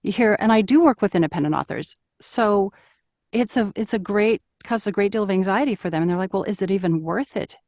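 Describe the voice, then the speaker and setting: A woman's voice: medium pitch, a little fast, darkish tone, no echo, studio quality. A middle-aged woman, an audiobook narrator, talking earnestly and reflectively as a guest in an interview, with fillers and restarts. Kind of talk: conversational interview.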